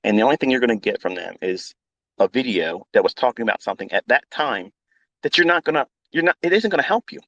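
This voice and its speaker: A man's voice: mid-range voice, expressive, quick pace, a bit bright, no room sound, muffled recording. A man who mentors traders, talking in a live audio room in a blunt, combative way, swearing often and repeating himself for emphasis. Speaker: trading mentor.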